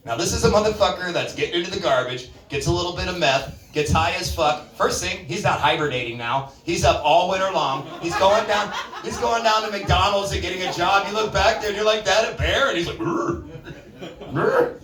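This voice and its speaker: A man from Alaska works through a stand-up set at a bar open mic, swearing freely and mocking himself as he jumps between jokes. His voice sits a bit high and has a bright edge. The room is echoey, and the sound comes from well back from the stage. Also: a little fast. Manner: rambling, profane, self-mocking jokes. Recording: roomy bar sound from a distance.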